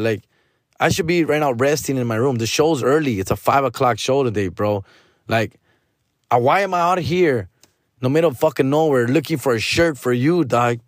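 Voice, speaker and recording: With a mid-range voice in a dry, studio-quality recording, a male podcaster rants casually about his friend. He's lively, acts out the nagging, and weaves Spanish slang into the story.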